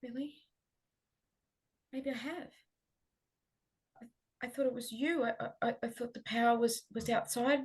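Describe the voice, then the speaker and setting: Giggly high-voiced Australian woman. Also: fairly even intonation, breathy edge. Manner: giggly, halting restarts, playful. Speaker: improviser. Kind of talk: improvised stage comedy.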